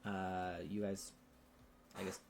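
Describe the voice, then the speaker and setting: A man narrating as game master of a tabletop role-playing game, with many fillers and pauses. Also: deep voice, monotone, a little hiss or hum. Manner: hesitant, lots of fillers.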